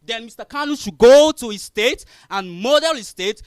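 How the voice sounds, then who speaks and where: A man's voice: very high-pitched, expressive, normal speed, clear, resonant tone, no room sound. A man in the audience arguing heatedly, agitated and emphatic, interrupting the speaker. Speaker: audience member challenging the speaker. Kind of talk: heated public argument.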